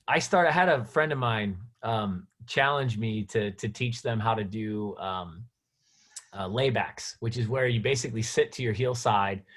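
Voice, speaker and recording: A man's voice: lowish voice, husky. A man hosting a session and training snowboard instructors, explaining ideas in an enthusiastic, rambling way on a video call. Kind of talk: casual chat on a video call.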